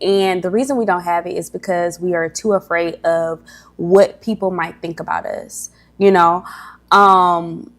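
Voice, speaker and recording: A young woman hosting a casual motivational livestream, chatty and a little nervous, often stumbling over her words as she rambles. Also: lowish voice. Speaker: livestream host.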